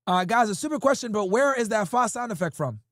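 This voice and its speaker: High-voiced blunt male streamer. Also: animated, a little fast, a bit bright, no room sound, clean studio sound. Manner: blunt, profane, talks straight to chat. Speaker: livestream host. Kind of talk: casual livestream chat, reading viewer comments.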